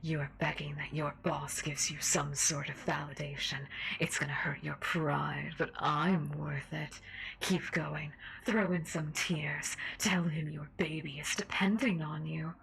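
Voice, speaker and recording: A woman voicing a cruel, manipulative female radio call-in host in a slow, domineering whispered role-play. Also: sits low, flat delivery, creaky, a bit bright, slight background noise, full character voice, poor audio.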